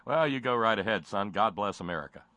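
A man's voice: fairly low pitch, lively intonation, fast talker, pushed and bright, dry recording. A man voicing a cheerful, careless father who laughs and dotes on his son in a mocking sketch. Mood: jovial. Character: cheerful gun-loving dad, reckless and doting.

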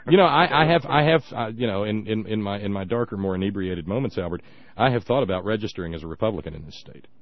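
A man's voice: on the low side, lively intonation, quick pace. A middle-aged man from West Virginia hosting a casual political talk radio show, with a wry, drawling, self-mocking manner. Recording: muffled dry radio studio sound.

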